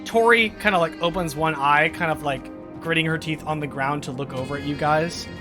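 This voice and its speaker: A man running a tabletop game as game master, giggly and animated, putting on voices for the characters. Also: on the high side, brisk, music in the background.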